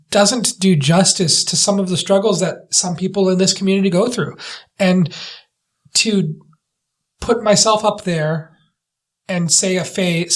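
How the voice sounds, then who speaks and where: A man co-hosting a casual movie review podcast, earnest and self-deprecating, often restarting his sentences. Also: high voice. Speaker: podcast co-host. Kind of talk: casual chat.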